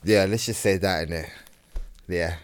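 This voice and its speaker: A man's voice: deep voice, moderate pace, smooth, dry recording. A man, co-hosting a podcast in casual chat, telling stories full of slang and acted-out quotes. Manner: London slang, animated storytelling with quoted voices. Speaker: podcast co-host.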